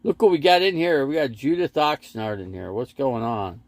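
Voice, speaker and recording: A man's voice: mid-range voice, sing-song, normal speed, no echo. A man hosting a casual live stream from his RV, rambling between stories and reading viewer comments aloud. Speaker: livestream host. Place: inside an RV parked in a lot.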